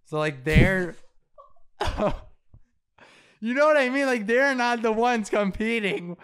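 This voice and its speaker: A man's voice: very high voice, lively intonation, takes it slowly, a bit bright. A young man co-hosting a casual sibling podcast, joking and teasing, laughing often. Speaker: podcast co-host.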